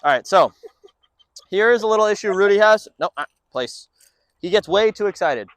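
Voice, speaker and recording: Guy training a dog, high voice that bounces all over, upbeat, explaining while he gives quick commands. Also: animated, fairly bright tone, no room sound.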